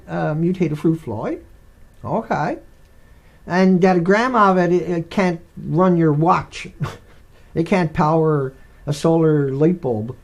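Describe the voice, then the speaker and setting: Gravelly man rambling on a live stream. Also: on the high side. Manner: animated, digressive, many restarts.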